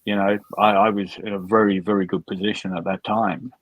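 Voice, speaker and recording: A man's voice: on the low side, little pitch movement, a little fast, no echo, muffled recording. Blunt older man swearing casually. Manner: blunt, swears freely, repeats words. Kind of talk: casual livestream chat.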